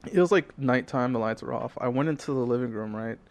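A man's voice: mid-range voice, fast talker, darkish tone, slight background noise. A young man co-hosting a podcast, telling stories casually and leaning on "like" a lot. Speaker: podcast co-host. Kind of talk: casual chat, storytelling.

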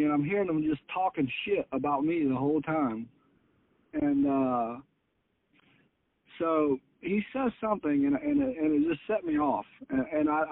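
A man's voice: fairly high pitch, creaky. A man, a fishing charter captain, telling a story on a podcast in a fired-up, cussing way, heard over tinny phone-like audio.

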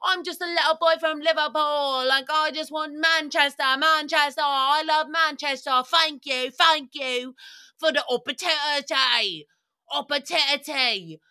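A man's voice: very high voice, unhurried, pushed and bright, voice pushed up, full character voice. A woman voicing a vain young male footballer, eager and showy.

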